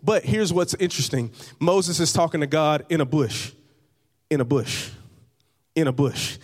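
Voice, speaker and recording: A man's voice: a little high, measured pace. A man pastor preaching a sermon to his congregation, conversational, with repeated phrases and light humor. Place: church hall. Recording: long reverb of a large hall.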